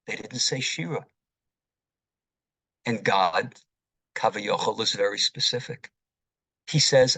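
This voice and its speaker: A man, a rabbi, giving a sermon in a slow, deliberate teaching manner, posing rhetorical questions to his congregation. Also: on the high side, fairly bright tone, no room sound, low-quality recording.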